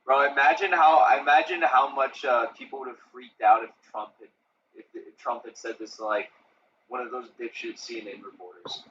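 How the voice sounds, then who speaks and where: A man's voice: mid-range voice, fairly even intonation, moderate pace, a bit bright. A man ranting profanely and animatedly as a streamer reacting to news. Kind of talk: casual live-stream commentary. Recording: distant, dull lo-fi sound with faint hiss.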